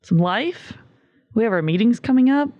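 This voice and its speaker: A woman co-hosting a podcast in casual chat, teasing her co-host with quick questions. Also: on the high side, lively intonation. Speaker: podcast co-host, marketing director. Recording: slightly dull lo-fi recording.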